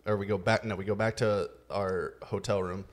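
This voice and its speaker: A man hosting a podcast, telling a story in a relaxed, casual way with many fillers. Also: on the low side, moderate pace, a little hiss or hum. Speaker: podcast host. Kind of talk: casual chat.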